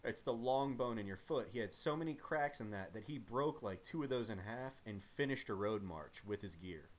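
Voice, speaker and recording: Speaking at normal speed in a low-leaning, expressive voice, a young man who served in the army chats casually as a podcast guest. He rambles through war stories, swearing freely as he recounts his time in the service.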